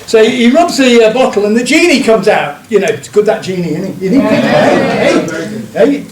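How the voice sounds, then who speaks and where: A man's voice: sits high, expressive, moderate pace, slight background noise. A man telling jokes to a live pub audience, rambling and chuckling at his own punchlines. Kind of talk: live stand-up joke telling. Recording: echoey room, distant mic.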